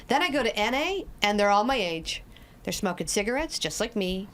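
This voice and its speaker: Podcast guest: woman in her 40s, blunt and lively storyteller with a salty tongue. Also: mid-range voice, a little fast. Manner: blunt, lively storyteller who swears freely. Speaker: addiction specialist guest. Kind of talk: candid conversational storytelling.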